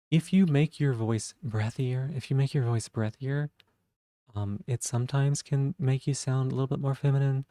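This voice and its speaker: A man with vocal fry, musing thoughtfully in casual live-stream chat. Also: medium pitch, warm tone, no room sound, studio quality. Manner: thoughtful, musing, self-reflective.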